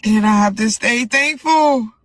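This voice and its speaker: Woman boxer in a vlog, slow and earnest, kinda rambly, dry close sound. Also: fairly high pitch, no echo. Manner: earnest, rambling, repeats herself. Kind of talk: emotional vlog confession.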